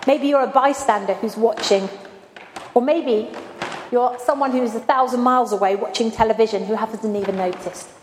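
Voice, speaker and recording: Woman preacher, higher voice, chatty sermon, long church reverb. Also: moderate pace, slight background noise. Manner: conversational, asks the congregation questions. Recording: echoey church hall with faint ambience.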